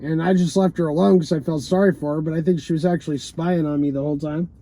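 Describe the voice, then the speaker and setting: Sitting in a parked car, a vlogger rambles through a personal story, sprinkling in "you know," "man," and casual curses. His voice is a little high and mellow, with fairly even intonation and a fast delivery.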